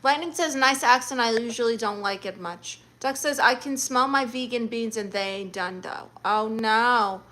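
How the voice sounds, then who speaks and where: Sassy bright-voiced woman livestreamer. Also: on the high side. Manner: sassy, teasing, quick comebacks. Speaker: livestream host reading chat. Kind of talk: casual livestream chat.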